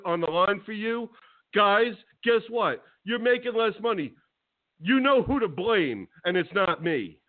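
A male radio host with a slightly high voice, loud and combative as he rants. The audio is thin and tinny, like a phone line. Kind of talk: ranting talk radio.

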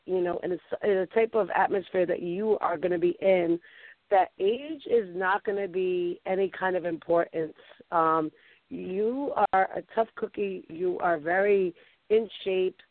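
A woman host with a Boston accent, chatting effusively in an interview, halting often with fillers. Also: lowish voice, no room sound. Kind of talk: casual interview chat. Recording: tinny phone line, dry.

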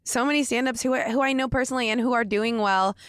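A woman's voice: a little high, fast, fairly bright tone, dry recording, clean studio sound. A woman hosting a podcast, chatting casually and bluntly, swearing freely and laughing often. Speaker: podcast host. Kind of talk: casual interview chat.

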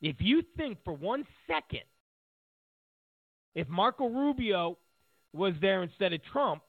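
A man delivering an animated, sarcastic political monologue as a commentator. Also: high-pitched, slow pace, gravelly, no echo, narrow, tinny audio.

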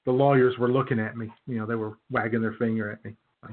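A man's voice: medium pitch, level tone, fast talker. A man co-hosting a podcast in casual chat, sardonic and chuckling, with lots of fillers. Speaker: podcast co-host. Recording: phone-like narrow band.

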